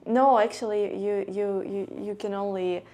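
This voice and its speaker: A woman's voice: medium pitch, steady tone, warm tone. Hesitant woman at a game table. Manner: hesitant, halting. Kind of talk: casual game-table chat.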